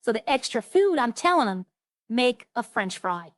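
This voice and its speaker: A woman's voice: a little high, very animated, moderate pace, no room sound. A woman chatting casually on a roleplay stream, rambling through funny stories and imitating the people she quotes.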